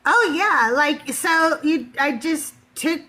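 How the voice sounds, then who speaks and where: A woman's voice: high voice, expressive, slow pace, a crowd in the background, rough recording. A middle-aged woman hosting a show, casually telling a story, laughing often and acting out the voices of people she quotes. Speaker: host.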